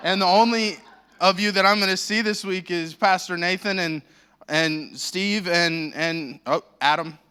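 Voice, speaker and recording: American male guest pastor, higher voice, crisp and clear, wry rambling humor, handheld mic in church. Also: fairly even intonation, measured pace, bright, forceful tone. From United States. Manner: self-deprecating, joking and rambling. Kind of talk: sermon. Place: church sanctuary. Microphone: handheld microphone.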